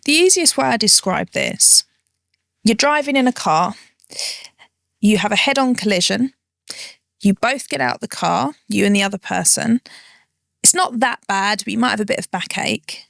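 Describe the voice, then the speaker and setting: Gravelly woman explaining as a therapist. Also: mid-range voice, animated, normal speed, long pauses, a bit bright, no room sound, studio quality. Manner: explains with vivid step-by-step examples. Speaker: psychotherapist guest. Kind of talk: explanatory interview answers.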